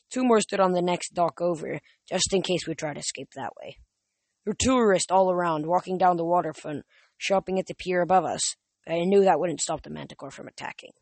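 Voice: mid-range voice, no room sound. An audiobook reader narrating a first-person novel in a plain reading with small slips.

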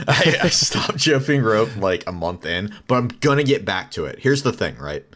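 A man's voice: on the low side, big pitch swings, moderate pace, a bit bright. A man co-hosting a casual podcast, rambling and laid-back, swearing and laughing often. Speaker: podcast co-host.

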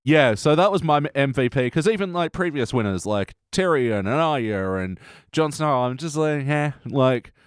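A man's voice: medium pitch, animated, moderate pace, smooth, dry recording. Man, mid-range voice, laid-back podcast co-host, casual swearing, dry sound. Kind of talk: casual chat recapping a TV episode.

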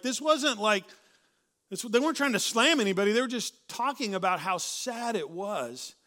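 A man preaching a sermon in a casual, conversational way, often tagging "right?" onto his points and restarting sentences, a little hoarse and clearing his throat. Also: sits high, fairly bright tone. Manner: conversational, keeps asking "right?", with many restarts. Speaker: pastor. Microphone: handheld or stage mic.

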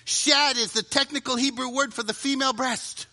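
A middle-aged man preaching a sermon to a live audience, dramatic, often dropping to a hushed voice for emphasis and acting out inner voices. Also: extremely high pitch, fairly even intonation, normal speed.

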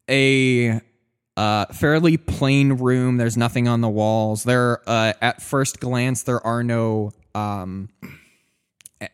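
A man narrates a tabletop game as its game master, his voice smooth and clear. He talks slowly, pausing often with fillers and restarting his sentences as he describes each scene. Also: medium pitch. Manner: hesitant, many fillers and restarts.

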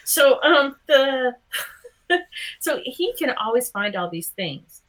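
A woman's voice: high-pitched, big pitch swings, slow, a bit bright. A middle-aged woman co-hosting a podcast, chatting casually in a rambling, self-mocking way with plenty of fillers. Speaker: podcast co-host. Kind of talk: casual chat.

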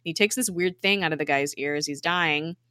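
A woman talks through a show's plot in a loose, chatty way, stopping often to laugh. Her voice is bright and a little low, recorded close and dry with no room sound. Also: fairly quick, no echo. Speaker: podcast co-host recapping an episode. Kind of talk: casual episode recap.

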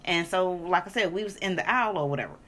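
A woman's voice: fairly low pitch, lively intonation, fast talker, a bit bright. Chatty woman rambling with fillers. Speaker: co-host. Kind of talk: casual chat.

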